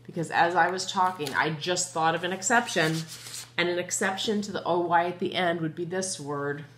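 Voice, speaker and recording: A woman teaching a phonics lesson to young children, spelling out letters slowly and thinking aloud as she goes. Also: on the low side, fairly bright tone. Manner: patient, slow spelling out of letters; chatty, thinks aloud with fillers.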